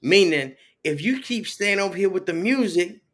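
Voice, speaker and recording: Animated man telling a story. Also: high-pitched, normal speed. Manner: animated storyteller, acts out voices and exclamations. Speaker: podcast host. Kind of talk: casual conversation.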